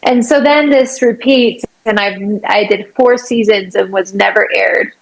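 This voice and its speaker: A woman guest sharing a faith testimony in conversation, animated and acting out her own prayers with sudden leaps in pitch. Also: a little slow, gravelly, poor audio. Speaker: podcast guest, artist and obstacle-course athlete.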